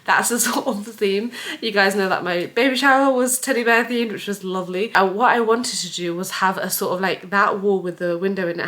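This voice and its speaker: A woman's voice: medium pitch, fairly bright tone. Young woman, casual chatty vlogger, mid-range voice. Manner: chatty, frequent "like" fillers. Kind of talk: casual vlog chat.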